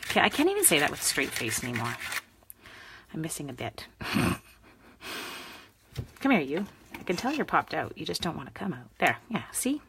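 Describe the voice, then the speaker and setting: A woman's voice: deep voice, wildly swooping pitch, normal speed, gravelly, long pauses, a bit bright, a little hiss or hum. A woman hosting a live card-making demo, chatting with viewers by name as she works. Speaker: crafting demonstrator.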